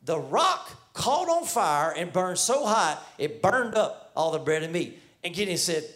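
High-voiced man preaching a sermon. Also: expressive, moderate pace, few pauses. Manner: storytelling, voices Bible figures in casual modern speech.

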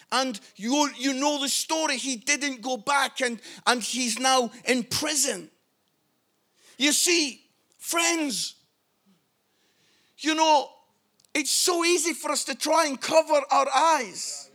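A man preaching a passionate sermon as pastor, building to shouted appeals. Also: very high-pitched, measured pace.

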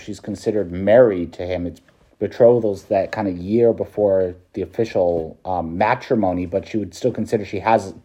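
A man's voice: mid-range voice, warm tone, lo-fi sound. A male priest preaching a meditation to students in a casual, chatty way, with slang and laughter.

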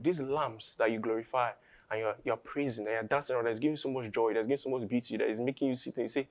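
A pastor with a Nigerian English accent, preaching a sermon that builds from quiet musing to loud, emphatic declaration. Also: male voice, mid-range voice, fast talker. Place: church.

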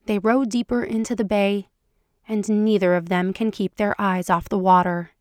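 A woman podcast host reading fan fiction aloud in a soft, intimate storytelling voice. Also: mid-range voice, level tone, normal speed, dry recording, studio quality. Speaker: podcast narrator.

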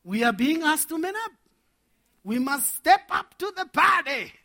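A man preaching a sermon to men, animated and laughing as he acts out little scenes. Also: very high voice, a little slow.

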